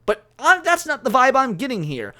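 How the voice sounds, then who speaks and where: An American man with a fairly high voice delivers opinionated commentary, reading from an article and then reacting to it. His tone is animated and exasperated, and he climbs into emphatic outbursts when he makes a point. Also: normal speed. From United States. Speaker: commentary host reacting to news.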